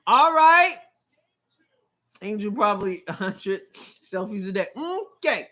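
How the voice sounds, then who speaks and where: A woman's voice: medium pitch, big pitch swings, slow, pushed and bright. A woman hosting a live game watch-along, chatting opinionatedly, calling plays and reading viewer comments aloud. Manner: play-by-play asides. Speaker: show host.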